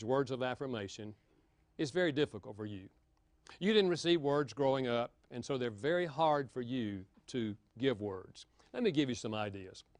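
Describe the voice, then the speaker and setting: A man giving a lively, humorous marriage seminar talk, joking with his audience. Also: mid-range voice, no echo. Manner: animated, playful, jokes with the audience.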